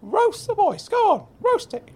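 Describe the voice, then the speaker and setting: A man voicing a grown man with a squeaky, high-pitched silly voice in an audio sitcom, mild and stammering. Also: huge pitch swings, a little slow, slight background noise, heavily acted. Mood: egging on. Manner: mild, stammering, good-natured.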